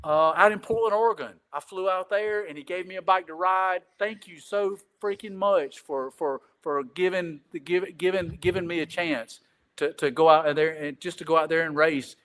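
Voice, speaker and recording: A man's voice: high voice, moderate pace, fairly bright tone. A man telling a long casual story as a podcast guest, rambling and repeating "I said," swearing casually. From Greenville.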